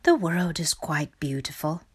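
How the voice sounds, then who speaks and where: A woman voicing a firm, adventurous male rat who speaks in a brisk, stern way. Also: sits low, expressive, husky, exaggerated voice.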